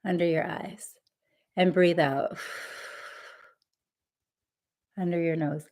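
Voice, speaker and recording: A woman leading a live EFT tapping session, speaking in a gentle, encouraging way and repeating affirmations for listeners to say along. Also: on the low side, steady tone, drawn-out words.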